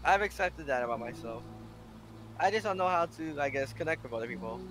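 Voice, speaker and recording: A man's voice: on the high side, animated, fairly quick, background noise, close to an everyday voice. A man voicing a shy, awkward bookish teenage girl, reading her lines with hesitation from a visual novel. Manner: hesitant, self-critical reading.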